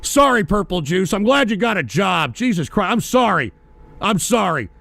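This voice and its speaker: A man hosting a livestream, ranting angrily about politics and cursing at viewers who donate, often shouting. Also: high voice, very animated, moderate pace, vocal fry. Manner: profane, ranting, frequently shouting. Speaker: livestream host. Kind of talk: angry political rant, reading donations.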